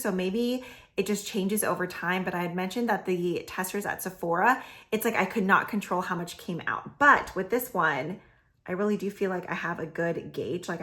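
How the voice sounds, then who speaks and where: Chatty woman beauty vlogger, slightly hoarse. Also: lowish voice, fairly bright tone. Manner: chatty, with frequent "like" fillers. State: slightly losing her voice. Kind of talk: casual makeup tutorial chat.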